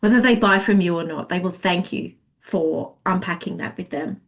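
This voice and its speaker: A woman sales coach teaching a masterclass in an expressive, chatty way, acting out what clients think. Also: lowish voice, moderate pace, gravelly.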